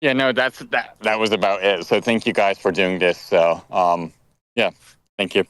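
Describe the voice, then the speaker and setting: A male caller with a very deep, smooth, resonant voice speaks politely and a little hesitantly. The sound is dry and close. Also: fairly even intonation, moderate pace, fairly bright tone, no echo.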